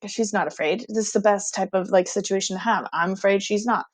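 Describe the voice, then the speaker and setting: A young woman teacher telling her students a casual, animated story, excitable and full of "like". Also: mid-range voice, fast talker, no echo.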